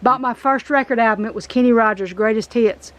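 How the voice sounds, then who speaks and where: A woman's voice: on the high side, fairly quick, fairly bright tone. A middle-aged woman with a Southern US accent, chatting folksy and emotional as she walks through an old house for her vlog. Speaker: vlog host. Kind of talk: casual vlog walkthrough. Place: outdoors at an abandoned house.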